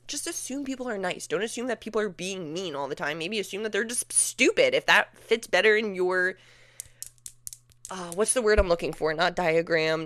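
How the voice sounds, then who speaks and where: Chatty young woman doing a solo podcast, talks fast w lots of "like"s, dead dry mic. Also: medium pitch, no room sound. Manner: chatty, animated, lots of fillers and acted-out quotes. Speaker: podcast host. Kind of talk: casual solo podcast chat.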